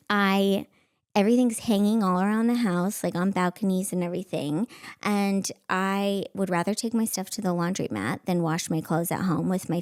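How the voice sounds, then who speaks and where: A woman's voice: medium pitch, creaky, a little mellow, dry recording, clean studio sound. A woman, a podcast host and stand-up comic, telling funny stories casually, acting out voices and laughing often. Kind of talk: casual comedic storytelling.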